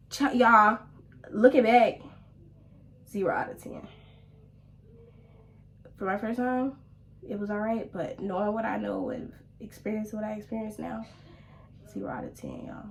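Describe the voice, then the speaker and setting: A young woman telling a story casually while she does her makeup at home, often dropping to a hushed whisper. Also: medium pitch, a little slow, vocal fry, long pauses, slight background noise. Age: young adult. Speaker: vlogger. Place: at home, doing makeup at a small mirror.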